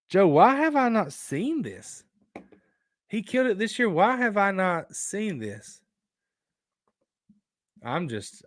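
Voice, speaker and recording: Excitable man hosting live chat. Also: on the high side, no room sound, clean studio sound. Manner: excitable, rambling, reacts loudly to viewer photos. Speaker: outdoors show host. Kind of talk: casual live-stream chat.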